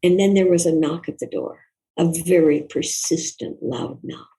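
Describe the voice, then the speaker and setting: Older woman, interview guest, mellow gravelly voice, soft-spoken, earnest, reflective storytelling. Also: sits low, lively intonation, normal speed, rough recording. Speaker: guest, author.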